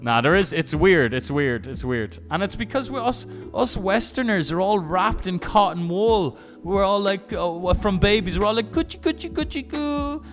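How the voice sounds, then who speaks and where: A young man live-streaming who rambles through stories and keeps restarting and swearing along the way. His voice sits high for a man. Faint music plays under him. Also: normal speed, hardly any pauses. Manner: rambling, profane storytelling with many restarts. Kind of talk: casual chat.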